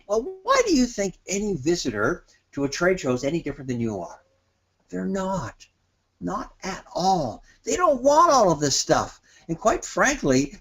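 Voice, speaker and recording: A man presents a webinar in a lively, talkative manner, with his pitch swinging widely up and down as he makes his points. He sits at a middle pitch for a man and now and then mimics other people in a higher voice. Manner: animated, acts out quoted trade-show exchanges in a higher voice. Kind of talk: lively instructional talk. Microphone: webinar microphone.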